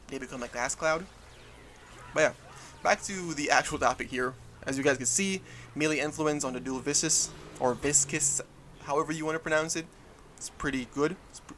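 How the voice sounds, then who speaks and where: A man's voice: mid-range voice, fairly bright tone, slight background noise. A young man, casually talking over gameplay footage and often correcting himself as he goes. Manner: casual, rambling, frequent self-corrections. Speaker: gaming YouTuber.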